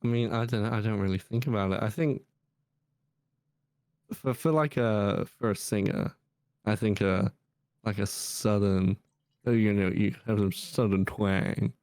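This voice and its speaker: A man's voice: on the low side, a little slow, pauses often, darkish tone, dry recording, clean studio sound. A young man co-hosting a podcast, chatting in a laid-back, agreeable way. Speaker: podcast co-host. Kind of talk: casual chat.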